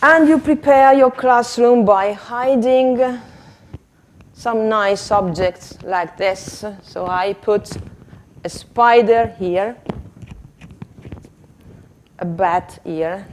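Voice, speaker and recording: A woman's voice: mid-range voice, very slow, pauses often, a little mellow. A woman leads a teacher workshop on a handheld microphone, working through her points unhurriedly. She talks with many small hesitations and laughs at her own efforts. Faint noise sits under her voice. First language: Italian. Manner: hesitant, chatty, laughs at herself. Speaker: teacher trainer. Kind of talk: workshop lesson demonstration.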